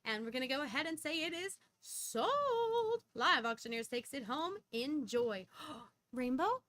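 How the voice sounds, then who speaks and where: A young woman with a high voice runs a live-stream coin auction. She rattles off prices and counts down bids in quick auctioneer patter, breaking into sudden bursts of excitement.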